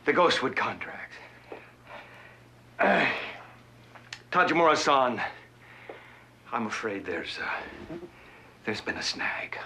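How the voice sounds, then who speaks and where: A man's voice: mid-range voice, big pitch swings, slow, long pauses, sharp tone, a little hiss or hum, exaggerated voice. An actor playing a scheming, theatrical middle-aged businessman in a TV drama, with florid, melodramatic pleading. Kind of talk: TV drama acting. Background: music.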